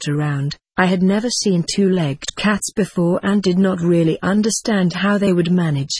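Husky narrator reading a cat's story, steady and measured, mid-pitched, dry recording. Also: no room sound. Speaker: audiobook narrator. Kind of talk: storybook narration told in first person as a cat.

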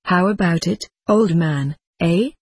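A reader voicing a boastful, tempting devil with horns and a tail, who makes a wheedling sales pitch in a husky voice. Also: slow, dry recording. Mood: gleeful.

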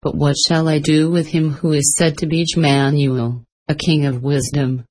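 Woman reading a formal, stern Roman governor; low, plain storybook delivery. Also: flat delivery, moderate pace, darkish tone. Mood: questioning. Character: stern male Roman governor addressing a crowd.

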